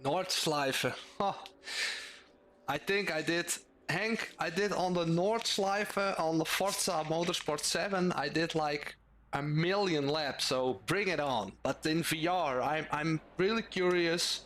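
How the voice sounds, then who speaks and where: A young man talks through his car setup and laps in a loose, rambling live-stream manner, often restarting his sentences. His voice sits a touch high for a man. Clear background noise runs under the whole recording. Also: takes it slowly, fairly bright tone. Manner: thinking aloud, casual, rambling with restarts. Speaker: sim racing streamer. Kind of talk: live-stream commentary while driving.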